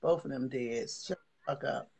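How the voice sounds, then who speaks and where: A woman's voice: a bass voice, moderate pace, vocal fry, darkish tone, breathy edge. A woman hosting a casual live-stream chat, opinionated and chatty, talking to her viewers. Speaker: host. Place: indoors, hot room.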